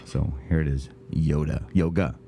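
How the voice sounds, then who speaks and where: A man's voice: extremely low pitch, fairly even intonation, moderate pace, creaky, dark tone. Rambling, jokey male podcast host. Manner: rambling, jokey, self-interrupting. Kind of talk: casual comedic chat. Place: home, indoors.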